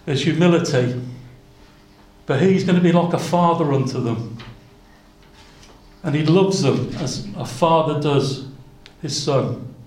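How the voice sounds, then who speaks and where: A man's voice: a little high, measured pace, pauses often, a little mellow, echoey room, poor audio. A man preaching a sermon, earnest, quoting scripture in old-fashioned wording and addressing the congregation as brothers and sisters.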